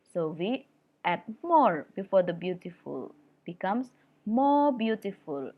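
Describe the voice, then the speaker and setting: A woman's voice: a little high, lo-fi sound. A woman teacher with an Indonesian accent explains English grammar step by step, repeating key words for emphasis. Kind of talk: classroom explanation.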